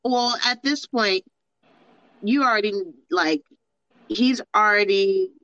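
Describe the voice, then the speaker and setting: A woman co-hosting a casual film podcast, steering the talk scene by scene with halting restarts. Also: medium pitch, fairly bright tone, no room sound, highs cut off. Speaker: podcast co-host. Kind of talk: casual movie discussion.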